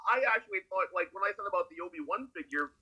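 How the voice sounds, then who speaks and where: A man's voice: high voice, racing, pushed and bright, slightly rough, lo-fi sound. A man co-hosting a podcast, talking casually and animatedly, often restarting his sentences. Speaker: podcast co-host. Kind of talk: casual conversation.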